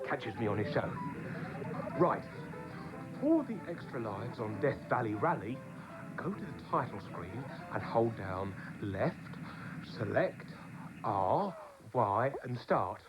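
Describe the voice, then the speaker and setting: A man playing a cheeky cheat expert who rushes his tips and breaks into sudden high squeals. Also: very animated. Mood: hurried. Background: music.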